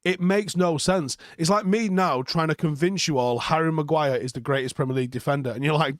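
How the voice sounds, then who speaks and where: A man's voice: a little high, moderate pace, no echo, studio quality. A young man, hosting a live football reaction stream, reading viewer comments and answering them bluntly with plenty of swearing and sarcasm.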